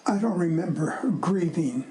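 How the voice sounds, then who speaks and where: An older man giving a slow, halting interview answer that drops into whispers. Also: fairly high pitch, mellow, slight background noise, low-quality recording.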